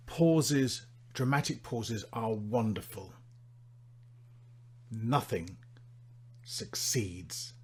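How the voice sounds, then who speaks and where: A man teaching presentation delivery, demonstrating his points with big swings in loudness and dramatic pauses. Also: mid-range voice, husky. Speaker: public speaking instructor. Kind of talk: instructional presentation.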